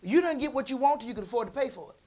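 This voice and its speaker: A man preaching in a church, telling a family story in a conversational way that moves from quiet asides to loud emphasis. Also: very high-pitched, expressive, racing. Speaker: pastor. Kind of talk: storytelling sermon.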